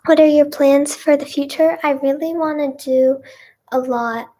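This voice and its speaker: Young female singer, casual livestream chat, gushy and effusive, slightly high-pitched, slips into whispers now and then. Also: fairly even intonation, measured pace, dark tone. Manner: bubbly and gushing, with frequent "oh my gosh" and "like".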